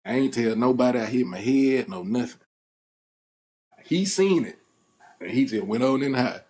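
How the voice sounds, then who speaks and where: Animated young man telling a story. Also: medium pitch, normal speed. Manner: animated storyteller, acts out quoted voices, laughs at himself. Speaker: podcast host. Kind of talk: casual storytelling chat.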